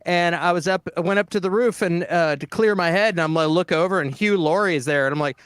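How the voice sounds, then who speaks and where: A man telling a casual anecdote on a panel, animated. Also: high voice, fast, clear, resonant tone, no echo, clean studio sound. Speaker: podcast panelist. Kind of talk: casual storytelling.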